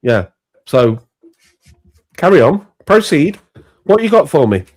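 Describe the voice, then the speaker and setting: A man in his forties hurls profane taunts as a caller. His pitch swings widely and sits a little high, over a dark, mellow tone. He sounds relentless and mocking. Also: big pitch swings, slow pace. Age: 40s. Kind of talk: heated online argument.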